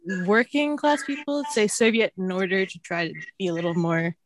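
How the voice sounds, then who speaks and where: A woman's voice: medium pitch, animated, normal speed, crowd noise. A woman in casual chat, talking in a hesitant, chatty way with frequent fillers.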